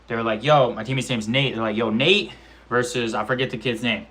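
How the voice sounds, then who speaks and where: A man's voice: mid-range voice, steady tone, fast talker, a bit bright. A man in his twenties telling a casual, profane story about his amateur fight, acting out quotes and sound effects. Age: 20s. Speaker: amateur MMA fighter vlogger.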